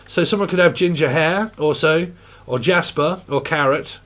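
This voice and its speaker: A man's voice: a little high, moderate pace, fairly bright tone. A man giving a casual tarot reading, rambling, crude and jokey, often laughing. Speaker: tarot reader.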